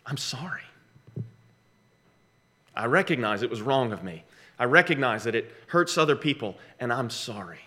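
A middle-aged man preaches with a bright, forceful voice. He drives points home through repetition, slowing down to land key phrases. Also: mid-range voice, lively intonation. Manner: emphatic preaching with dramatic slowdowns and repeated phrases. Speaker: pastor. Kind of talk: sermon.

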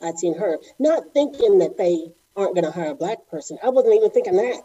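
Dark-voiced woman telling stories. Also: medium pitch, fairly quick, breathy edge, lo-fi sound. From Houston, Texas. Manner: animated storyteller, acts out quoted voices. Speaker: guest, former principal ballerina. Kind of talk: storytelling interview.

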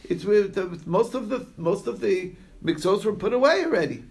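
A man with a slightly high, gravelly voice leads a casual Talmud class. He reads a line of the text aloud, then unpacks it in easygoing, conversational asides, often pausing to check in with his listeners. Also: lively intonation. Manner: storytelling with frequent "okay?" check-ins. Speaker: Talmud teacher.

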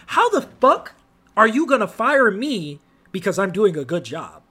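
A man's voice: high-pitched, sing-song, a little slow, bright, forceful tone, husky. A young man hosting a casual podcast, telling stories with slang and profanity and big swings in his voice. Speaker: podcast host.

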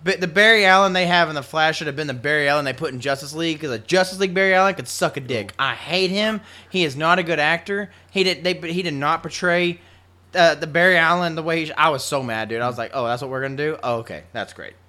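Bright-voiced, excitable man. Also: fairly high pitch, quick pace. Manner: excitable, swears a lot, laughs often. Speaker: podcast co-host. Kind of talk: casual chat.

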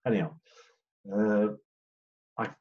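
A man's voice: on the low side, slow. An older English man, a former football referee, chatting through anecdotes and acting out what players said. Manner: chatty storyteller, acts out quoted players. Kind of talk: interview anecdotes. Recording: dull lo-fi recording.

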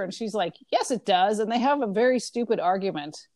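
A chatty woman retells a story in casual conversation and slips into quick voices for the characters as she goes. Her voice sits at an ordinary middle pitch for a woman. The recording is close and dry, with no room sound. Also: darkish tone, no echo. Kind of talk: casual book discussion.

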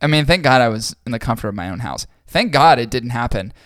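A man's voice: medium pitch, expressive, fast, a bit bright, no echo, studio quality. A man co-hosting a casual podcast, telling a story in a rambling, hesitant way with fillers and restarts. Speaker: podcast co-host. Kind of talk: casual chat.

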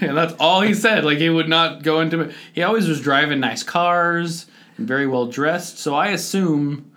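A man's voice: fairly high pitch, normal speed, pushed and bright. A man co-hosting a podcast, telling stories in casual chat and slipping into jokey put-on voices. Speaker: podcast co-host.

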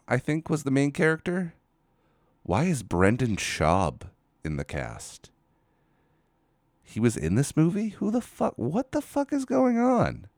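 A man's voice: low voice, smooth, dry recording, clean studio sound. A man hosting a casual solo podcast, ranting with exasperation, swearing and rambling into a microphone. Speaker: podcast host. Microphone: studio microphone.

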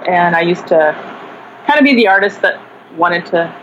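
A woman's voice: fairly low pitch, lively intonation, normal speed. Woman, interview guest, reflective, filler words, muffled recording, faint hiss. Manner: reflective, thoughtful, frequent fillers and hedges. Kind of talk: casual interview talk.

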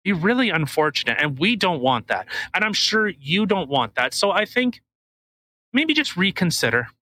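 A smooth government official, put on by a man, who threatens through polite phrasing. His voice sits fairly high and sounds bright and forceful. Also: sing-song, normal speed, full character voice. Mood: veiled threat. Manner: falsely polite, quietly threatening. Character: menacing male government official making veiled threats.

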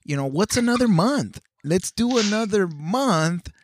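Halting man in casual podcast chat. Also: sits high, expressive, a little hiss or hum. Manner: hesitant, many restarts and fillers. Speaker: podcast co-host.

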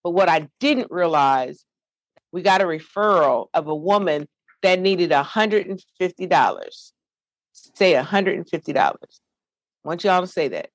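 Middle-aged woman, low voice, animated storyteller, preacherly, dry close sound. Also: moderate pace, no room sound. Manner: animated, lively storyteller, preacherly call-and-response. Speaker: nonprofit founder. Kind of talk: storytelling to a panel.

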